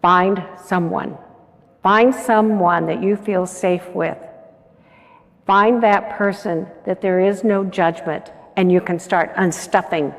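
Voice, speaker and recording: A woman giving a motivational conference talk, earnest and coaxing, often putting questions to the audience. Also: lowish voice. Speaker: conference keynote speaker. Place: large conference hall. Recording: echoey conference hall.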